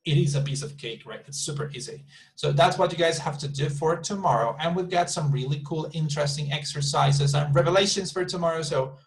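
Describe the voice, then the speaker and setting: A man's voice: fairly high pitch, brisk, poor audio. A male English teacher, patiently explaining homework in an online class and often repeating words.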